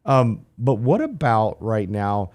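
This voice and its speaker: A man's voice: lowish voice, big pitch swings, slow pace, darkish tone. A man co-hosting a finance talk show, asking rambling questions with lots of fillers. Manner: rambling, many fillers, joking. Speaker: show co-host.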